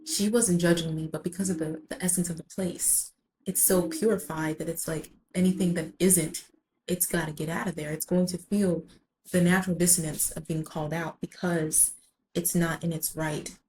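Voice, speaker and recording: A woman's voice: on the low side, steady tone, normal speed, darkish tone, slight background noise, rough recording. A woman vlogger telling a personal story in a rambling way, full of "like" and casual swearing.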